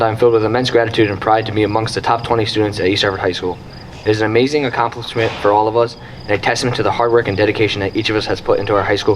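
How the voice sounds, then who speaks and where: An eighteen-year-old young man reads a formal graduation-style speech at a quick clip. His voice sits fairly low for his age, and he keeps a steady, earnest tone throughout. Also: slight background noise, low-quality recording. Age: late teens. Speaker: graduating student speaker.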